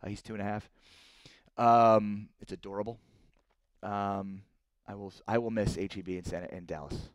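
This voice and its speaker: A man in his thirties runs a live-streamed sports talk show, reading comments and becoming worked up about trades; he's excitable, and his voice rises sharply in indignation. Speaking at normal speed on the low side, he pauses often, with no echo.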